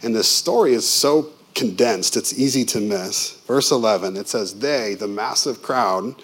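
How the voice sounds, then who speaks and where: A man preaching a sermon as a pastor, conversational and lively with vivid asides to the congregation. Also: lowish voice, breathy edge.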